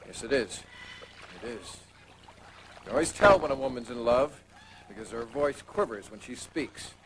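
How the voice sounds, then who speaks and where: Give me a man playing a knowing, needling man, mid-pitched, over a noisy film soundtrack. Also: normal speed, natural voice. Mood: teasing. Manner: teasing, knowing. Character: teasing man needling a woman in love. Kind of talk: movie dialogue.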